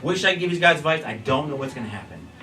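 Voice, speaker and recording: A young man doing stand-up on a comedy club stage, loud and animated, swearing often and jumping into high excited yelps. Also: racing, distant mic. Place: comedy club stage before a laughing crowd. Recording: roomy club sound with a roaring crowd.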